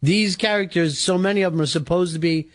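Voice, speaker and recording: A man's voice: high-pitched, brisk. A man hosting an interview, making agreeable, reflective comments to his guest. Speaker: interview host. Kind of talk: conversational interview.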